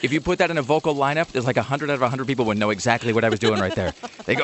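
A man's voice: mid-range voice, racing. A man co-hosting a radio show, riffing on the news in a sarcastic, rambling way. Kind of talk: casual comedic chat.

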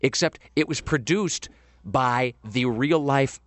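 A man's voice: medium pitch, slow, fairly bright tone, no room sound. A man co-hosting a podcast in casual chat, rambling and joking. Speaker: podcast co-host.

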